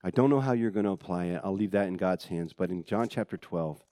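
A pastor preaches a sermon to his church, swinging dramatically between loud excitement and hushed intensity and making conversational asides to the congregation. His voice is low-pitched and quick. The sound is studio quality, without room sound.

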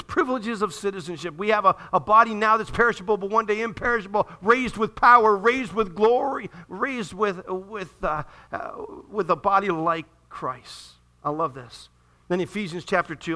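A man pastor preaching a sermon in a church, swinging between loud emphatic peaks and quiet, hushed appeals. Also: sits high, moderate pace. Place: church sanctuary.

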